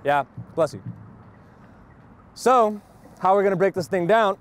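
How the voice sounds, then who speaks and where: A man's voice: sits high, lively intonation, unhurried, a little hiss or hum. A man teaching snare drum technique to a group and often checking that they understand. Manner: explains step by step, keeps checking understanding. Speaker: drum instructor. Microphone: wireless lavalier mic.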